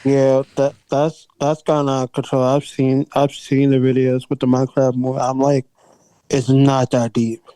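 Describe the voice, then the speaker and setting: A man with a mellow, dark voice talks in a laid-back way. His recording is dry and close, with no room sound. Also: medium pitch, completely flat delivery, normal speed, few pauses, clear, resonant tone, no room sound, low-quality recording. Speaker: podcast co-host. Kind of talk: casual chat.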